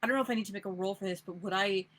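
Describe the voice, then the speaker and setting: A woman's voice: medium pitch, rapid-fire, a bit bright. A woman playing in a tabletop role-playing game, chatting casually with the game master. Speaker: player.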